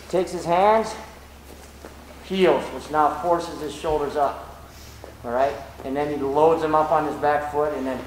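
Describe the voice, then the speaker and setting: A grappling coach with a fairly high voice gives mat-side technique instruction at a training gym, explaining drills and swapping stories as he demonstrates moves. He's lively, talkative, and animated. The recording is echoey, from a roomy gym with background noise.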